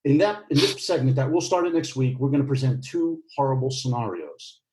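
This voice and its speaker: A man's voice: mid-range voice, lively intonation, fairly quick, darkish tone. A man co-hosting a casual podcast, talking in a playful, teasing way with lots of fillers. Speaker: podcast co-host.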